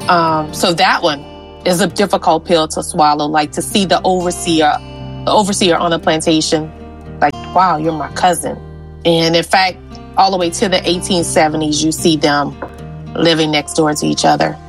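A genealogist from Louisiana, interviewed about her family history, tells personal stories in an earnest, conversational way full of fillers. Her voice is lowish, and the recording is rough.

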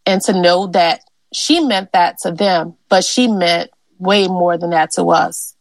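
In an unhurried, lowish voice, a Louisiana woman who works as a genealogist shares family history stories during an interview. She's earnest and chatty, using lots of fillers, and the recording is both dry and rough.

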